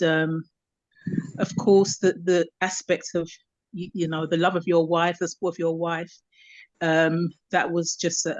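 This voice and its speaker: Brief: woman panelist, halting and sincere, dull video-call audio. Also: fairly low pitch, no room sound. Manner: warm, hesitant, many fillers. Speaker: panel member. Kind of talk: casual remarks on a video call.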